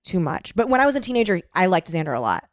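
A woman co-hosting a casual chat, animated and opinionated, often talking over the others. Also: on the low side, fast, dry recording, studio quality.

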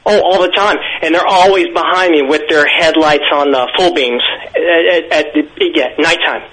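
A man's voice: on the high side, moderate pace, a bit bright, rough recording. A nervous man calling in to a radio show who tells a rambling story. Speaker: caller. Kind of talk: phone-in rambling anecdote.

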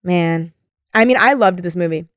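A woman's voice: on the low side, moderate pace, no echo, studio quality. A woman hosting a casual podcast chat, agreeing often and reading plot summaries aloud with many "like"s. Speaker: podcast host.

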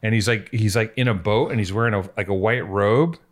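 A man's voice: on the low side, brisk. A man hosting a podcast, chatting casually and joking around with plenty of swearing. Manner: loose, joking, swears freely. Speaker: podcast host. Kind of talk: casual chat.

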